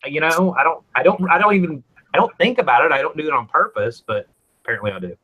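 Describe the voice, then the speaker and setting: Animated Southern-accented man, bright voice. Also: on the high side, quick pace, highs cut off. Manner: animated storytelling, swings from loud to quiet asides. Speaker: host. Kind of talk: casual chat.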